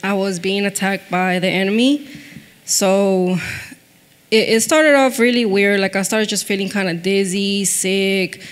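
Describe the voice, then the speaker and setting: A woman's voice: mid-range voice, a little slow. A woman giving a personal testimony on a church stage, telling her story in a hesitant, emotional way. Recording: reverberant church hall.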